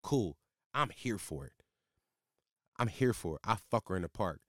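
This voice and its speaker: A man in his twenties telling a casual, profane story in slang, with his voice jumping high when he gets exasperated. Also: animated, normal speed, no room sound, studio quality.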